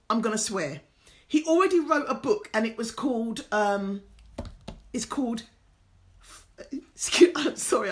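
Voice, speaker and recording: A woman hosting a live-streamed show, telling stories full of quoted dialogue in an excitable, animated way. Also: on the high side. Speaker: show host. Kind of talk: casual storytelling to a live-stream audience.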